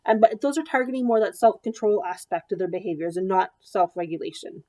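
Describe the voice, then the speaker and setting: A woman's voice: medium pitch, a little fast, dark tone. A woman in her thirties, a child development therapist, giving an educational presentation to parents in a conversational way with frequent ums.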